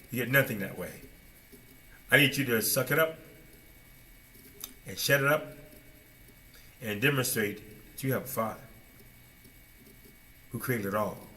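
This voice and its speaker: A man preaching a sermon with dramatic swings between loud bursts and low asides, and many rhetorical questions. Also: unhurried, long pauses.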